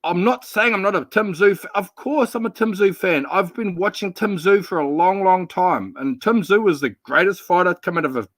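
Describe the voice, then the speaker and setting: A man with a high, bright, sharp voice argues combatively and sarcastically, swearing freely in a heated casual debate. The sound is close and dry, as if over an online call mic. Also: moderate pace, hardly any pauses, no echo. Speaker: panel guest, boxing fan.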